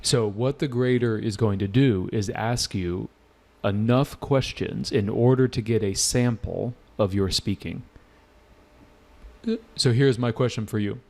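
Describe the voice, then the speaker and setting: A man's voice: fairly low pitch, a little slow, a little mellow. A man teaching a live online exam-prep lesson with energy, repeating points and quizzing his students. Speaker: English test-prep teacher.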